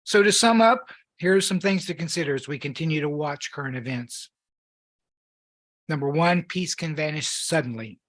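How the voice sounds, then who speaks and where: A man preaching a sermon, reading scripture in an earnest, measured way while losing his voice. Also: fairly high pitch, a bit bright.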